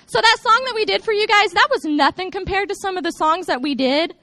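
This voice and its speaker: A woman's voice: very high voice, brisk, dry recording, clean studio sound. A woman in her thirties speaking to a church congregation from the stage, joking through funny stories before turning earnest. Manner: lively joking storyteller, turns earnest. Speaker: church children's ministry speaker. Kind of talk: humorous recap talk to a congregation.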